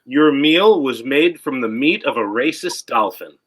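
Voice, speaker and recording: A man playing as a comedian panelist on a comedy game show, delivering punchlines in a deadpan way. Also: medium pitch, a little slow, husky.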